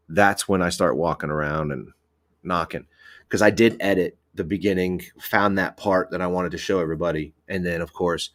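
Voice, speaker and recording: A police officer telling a work story in a rambling, profane way, with many restarts. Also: male voice, low voice. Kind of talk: casual podcast storytelling.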